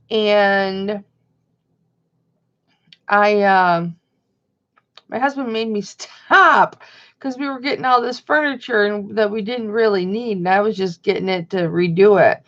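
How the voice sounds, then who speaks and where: A woman's voice: medium pitch, fairly bright tone. A middle-aged woman, hosting a casual livestream chat and reading viewer comments aloud. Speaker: livestream host. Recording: dull lo-fi sound.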